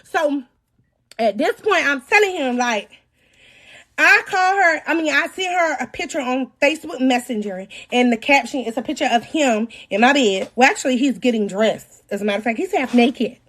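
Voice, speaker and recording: A woman in her thirties, casually telling a story to her audience, animated, with her voice swinging from low mutters to loud outbursts. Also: normal speed. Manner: talks to her audience directly. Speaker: storytelling podcast host.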